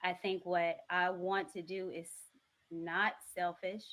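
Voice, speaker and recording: Woman, Southern US accent, content creator, measured earnest speech, lower pitch. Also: little pitch movement, fairly bright tone. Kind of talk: panel discussion.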